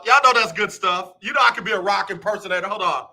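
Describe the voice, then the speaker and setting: A man hosting a live radio talk show, animated and joking as he teases his listeners. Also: high-pitched, quick pace, hardly any pauses. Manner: animated, joking, playful teasing. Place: radio studio.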